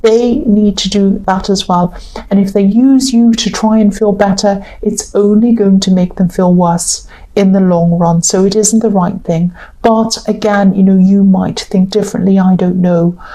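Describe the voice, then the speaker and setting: A woman giving a love tarot reading, earnest and repetitive, her voice tired and croaky. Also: mid-range voice, fairly even intonation, moderate pace, warm tone, rough recording. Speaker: tarot reader.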